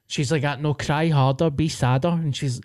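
A man's voice: on the high side, steady tone, moderate pace, darkish tone. A man co-hosting a casual podcast, telling a story in an easygoing way. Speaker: podcast co-host.

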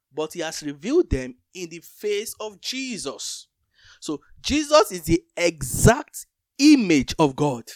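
A man's voice: sits high, very animated, a little slow, dry recording, studio quality. A man co-hosting a Bible teaching talk, explaining scripture with everyday comparisons.

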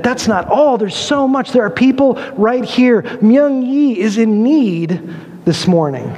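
A man preaching a sermon, telling a lively personal story, acting out quoted dialogue and laughing along the way. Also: high voice. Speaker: pastor. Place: church sanctuary. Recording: long hall reverb.

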